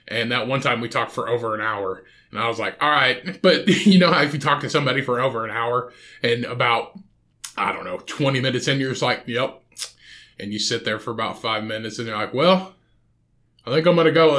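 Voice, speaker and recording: A man rants through a solo podcast episode. His voice is bright and forward, and he drifts from story to story, swearing freely and casually the whole way. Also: mid-range voice. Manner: profane, rambling, swears constantly. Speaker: podcast host.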